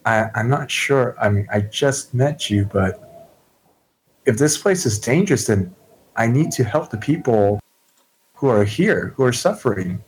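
A man's voice: mid-range voice, animated, measured pace, slight background noise, close to an everyday voice, low-quality recording. A man voicing an earnest young noblewoman who asks flustered, eager questions. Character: earnest young noblewoman Shauna, determined to help.

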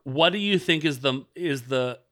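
This podcast co-host, a man, rambles through a casual TV episode recap full of fillers. He speaks at a moderate pace in a slightly high, somewhat bright voice.

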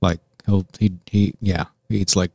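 A man's voice: low-pitched, level tone, normal speed, creaky, a little mellow, no room sound, studio quality. A man co-hosting a podcast, chatting casually and often trailing off mid-sentence. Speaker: podcast co-host. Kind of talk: casual chat.

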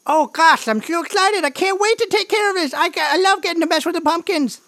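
A man voicing an eager, excitable young male farmhand in a tabletop role-play, in a high bubbly voice. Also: a little fast, no room sound, exaggerated voice. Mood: excited.

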